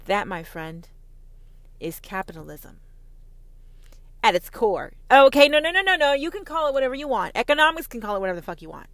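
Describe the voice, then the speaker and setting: A woman's voice: a little high, big pitch swings, brisk, long pauses, fairly bright tone, dry recording. A woman with a Southern American accent delivering an impassioned monologue, profane, heated and sarcastic, often mocking imagined opponents in a put-on voice. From Southern United States. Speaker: podcast host.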